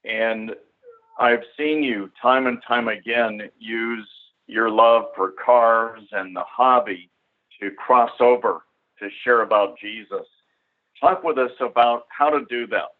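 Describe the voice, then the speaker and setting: A man hosting a radio interview who asks his questions in a relaxed, conversational way. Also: mid-range voice, slow pace. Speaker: host. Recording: tinny phone-like radio sound.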